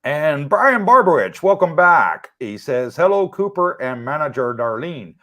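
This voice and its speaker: A middle-aged Englishman hosts a relaxed livestream, working through viewer comments one by one. His manner is chatty and teasing, and he breaks into easy laughter between remarks. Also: on the high side, unhurried. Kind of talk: casual livestream chat.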